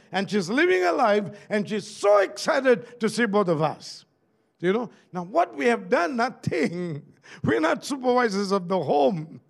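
Pastor preaching a sermon, Malaysian accent, high voice with big swings, keeps asking the crowd for amen. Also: male voice, vocal fry. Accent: Malaysian English. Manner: preachy, calls out for amen and asks the crowd questions.

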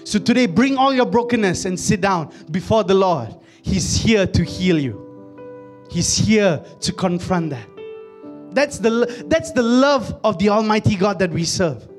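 Dude preaching, jokey and loose, kinda high voice, stumbles and repeats words. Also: male voice, lively intonation, a little slow, faint music behind. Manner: humorous, conversational, repeats words. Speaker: pastor. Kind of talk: sermon.

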